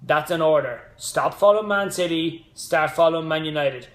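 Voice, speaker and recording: A man in his thirties, a fitness coach, hosts a casual live stream in a fairly high voice at a moderate pace, rambling with side notes and motivational asides. The room sounds echoey.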